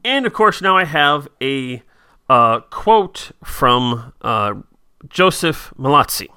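Bright-voiced man chatting with fillers. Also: medium pitch, very animated, takes it slowly, clean tone, dry recording, studio quality. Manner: hesitant, many fillers, reads quotes aloud. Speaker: podcast co-host. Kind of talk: casual chat about a TV episode.

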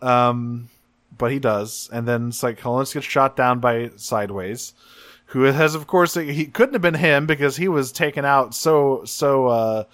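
Man, podcast co-host, casual swearing recap, middle pitch, dry close sound. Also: measured pace, fairly bright tone, no echo. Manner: loose and profane, with frequent fillers.

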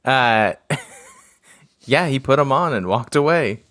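A man co-hosting a casual podcast chat, describing things in slow, halting phrases and chuckling often. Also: mid-range voice, lively intonation, a bit bright, dry recording, clean studio sound. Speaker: podcast co-host.

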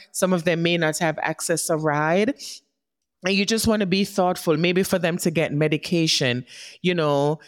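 A woman hosting a podcast who gives a heartfelt motivational talk. She speaks straight to her listeners and often checks in with "right?". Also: fairly low pitch. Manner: warm encouraging, speaks directly to listeners, often asks "right?". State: tearing up. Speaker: podcast host.

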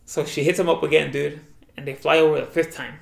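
A man, casually retelling a story in slangy, animated chat. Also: on the high side, fast talker, vocal fry, echoey room.

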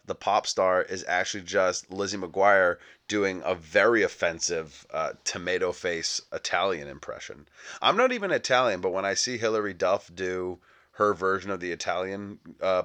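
A man's voice: low-pitched, a bit bright, clear, resonant tone. A young adult man hosting a comedic movie podcast, riffing sarcastically and acting out little scenes. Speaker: podcast host.

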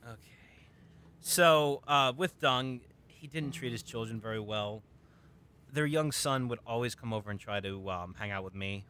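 A man's voice: mid-range voice, normal speed, pushed and bright, slight background noise. A man telling a long, rambling personal story in a casual chat, full of ums and restarts.

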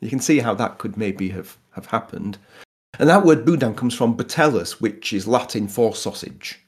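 With an animated voice on the low side and a normal pace, a Yorkshireman talks through food history as a guest. The explanation is relaxed and conversational, punctuated by laughter and restarted sentences.

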